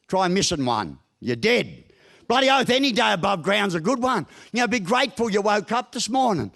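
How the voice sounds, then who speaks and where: A man's voice: sits high, sing-song, fairly quick, gravelly, fairly bright tone. An Australian man in his sixties giving a motivational breakfast talk as a broad, joking storyteller with crude humour. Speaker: guest speaker. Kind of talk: motivational after-dinner talk. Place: function room at a business breakfast.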